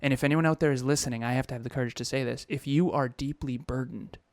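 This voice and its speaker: A man's voice: medium pitch, steady tone, fast talker, no room sound. A man in his thirties co-hosting a podcast, telling a personal story in an emotional, confessional way with frequent restarts. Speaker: podcast co-host.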